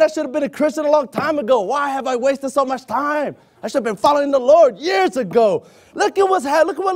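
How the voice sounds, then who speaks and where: Animated, high-pitched preaching man. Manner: exclamatory, acting out voices of others. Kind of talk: animated sermon with acted-out scenes.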